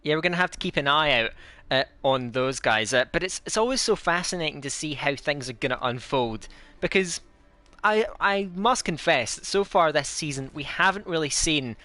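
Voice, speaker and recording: A man with a put-on Scottish accent hosts the race broadcast, chatty and energetic, stumbling through restarts and fillers. His voice is bright and crisp, pitched a little high for a man. Faint music sits underneath. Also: normal speed, dry recording. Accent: fake Scottish. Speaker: sim racing commentator. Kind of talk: esports race commentary.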